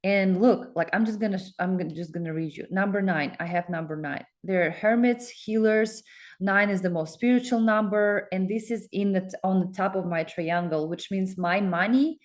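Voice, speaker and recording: Excited rambling woman coach. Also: mid-range voice, moderate pace. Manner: excited, rambling, with many fillers and restarts. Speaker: coach promoting a focus group. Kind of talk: casual self-promotional talk with screen share.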